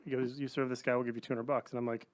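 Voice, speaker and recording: A middle-aged man on a podcast, casually telling an animated story and acting out the other people's lines. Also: mid-range voice, rapid-fire. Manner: animated anecdotes, acts out quoted voices. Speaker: podcast guest.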